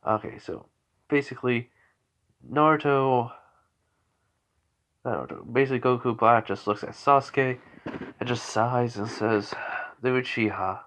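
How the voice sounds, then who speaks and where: A sleepy man talks through a story off the cuff, in a voice of ordinary middle pitch. He keeps stopping to correct himself, filling the gaps with um and like. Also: unhurried, pauses often, fairly bright tone, slight background noise. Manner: rambling, self-correcting, many fillers. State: tired, yawning. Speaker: fan storyteller. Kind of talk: unscripted casual storytelling.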